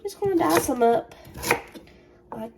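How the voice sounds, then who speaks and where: Her voice is high-pitched and gravelly, with lively intonation and an unhurried pace. She's a Southern US cooking vlogger chatting folksily to viewers as she cooks at home, and there's background noise.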